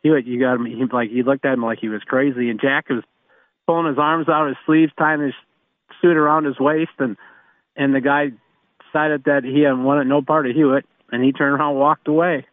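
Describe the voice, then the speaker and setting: A man's voice: medium pitch, fairly even intonation, fairly quick, dry recording. A man who works as a race car mechanic, telling rambling stories and chuckling as he goes. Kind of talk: anecdotal storytelling. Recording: phone-line interview.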